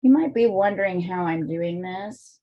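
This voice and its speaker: A woman's voice: lowish voice, animated, moderate pace, highs cut off. A woman art teacher with a weak, strained voice, chatting and thinking aloud while she demonstrates drawing in a live online class, with plenty of fillers.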